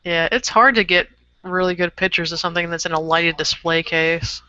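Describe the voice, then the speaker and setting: Co-host chatting about minis, bright clear voice, pretty monotone, dry lo-fi sound. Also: medium pitch, normal speed, no room sound. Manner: hesitant, many fillers and restarts. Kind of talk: casual chat reviewing miniature painting.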